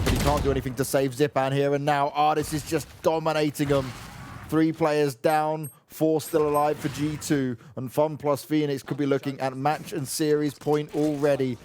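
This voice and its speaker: Energetic male play-by-play caster. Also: a little high, a little hiss or hum. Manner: energetic, rapid play calling. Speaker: esports caster. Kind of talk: esports play-by-play commentary.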